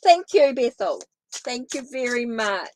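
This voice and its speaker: A woman's voice: a little high, very animated, a little slow, a little mellow, rough recording. A woman from New Zealand with a Kiwi accent, giving tarot readings on a live stream in a chatty way that repeats itself and answers viewers. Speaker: tarot reader.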